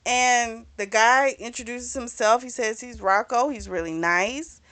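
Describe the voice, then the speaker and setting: A woman's voice: fairly high pitch, measured pace, fairly bright tone, dry recording. A woman host casually recapping a novel for a book club, talking in a chatty way and filling her retelling with "you know" and "he's like.".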